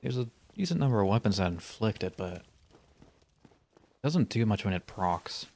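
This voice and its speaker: A man's voice: fairly low pitch, expressive, normal speed, creaky, darkish tone. A male streamer giving casual, rambling commentary while playing a game, with dry, wry humor. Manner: rambling asides.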